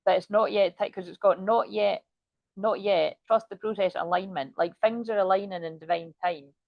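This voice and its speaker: A woman's voice: mid-range voice, steady tone, moderate pace, creaky, no room sound, dull audio. Chatty woman reading tarot. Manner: chatty, rambling, swears casually. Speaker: tarot reader.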